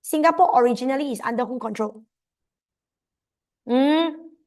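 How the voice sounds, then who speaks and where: Woman, Malaysian English accent, history tutor, animated, coaxing, slightly high voice. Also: normal speed. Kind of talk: exam seminar lecture.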